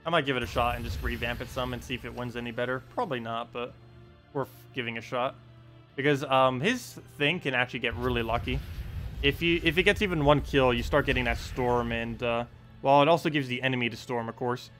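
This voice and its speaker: Soft music plays behind a young American man with a New Jersey accent as he offers rambling live commentary on his game, peppered with ums and uhs and self-directed chuckles. He talks a little fast in a medium-pitched, slightly bright voice with fairly even intonation.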